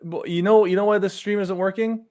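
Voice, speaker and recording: A podcast co-host with a high-pitched, brisk voice helps run a live stream. He's animated and joking throughout the casual chat while keeping the broadcast going.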